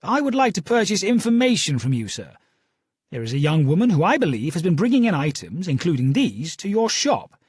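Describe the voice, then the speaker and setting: Sherlock Holmes: a man voicing a formal, measured detective. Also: on the high side, big pitch swings, darkish tone, husky, dry recording, clean studio sound. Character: precise, courteous male detective.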